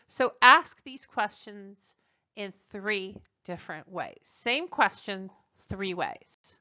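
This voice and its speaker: A woman's voice: mid-range voice, lively intonation, slow, bright, forceful tone. A woman teacher giving a language lesson, explaining step by step and translating each example. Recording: dull lo-fi recording.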